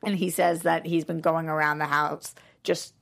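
A woman's voice: low-pitched, little pitch movement, normal speed, vocal fry, fairly bright tone. A woman co-hosting a casual movie news chat, teasing her partner and reading quotes aloud. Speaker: co-host.

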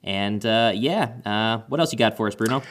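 A man's voice: on the low side, moderate pace, fairly bright tone. A man in his thirties co-hosting a gaming podcast in casual chat, friendly and rambling. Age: 30s. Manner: friendly, rambling, many fillers and restarts. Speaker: podcast co-host.

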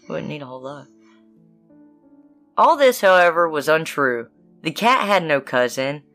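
A woman's voice: sits low, a bit bright. A woman reading fairy tales on a podcast and cutting in with blunt, laughing asides. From Southern United States. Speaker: podcast co-host, reader.

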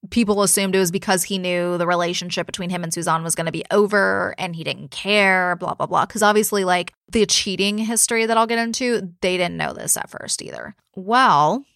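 A woman's voice: lowish voice, fairly quick, creaky, hardly any pauses, fairly bright tone, no room sound, clean studio sound. Chatty, foul-mouthed young woman podcaster. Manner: chatty, swears freely, many fillers. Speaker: podcast host. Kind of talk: casual true-crime storytelling.

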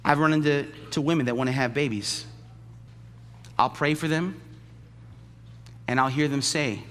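A male pastor preaching a sermon. He swings from loud, high outbursts to hushed, low storytelling. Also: normal speed, pauses often. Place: church sanctuary. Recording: long church-hall reverb.

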